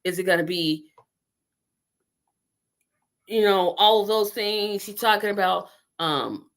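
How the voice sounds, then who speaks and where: A woman's voice: medium pitch, takes it slowly. A woman hosting a casual political livestream, rambling and talking to her viewers while she multitasks. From Indiana. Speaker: livestream host.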